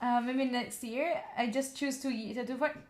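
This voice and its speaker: A woman's voice: fairly high pitch, fairly even intonation, normal speed, a little mellow. A woman whose first language is Italian, chatting casually and playfully to her stream viewers, rambling and laughing at herself. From Italy. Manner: rambling, playful, self-mocking, laughs often. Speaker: study streamer. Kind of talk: casual live-stream chat.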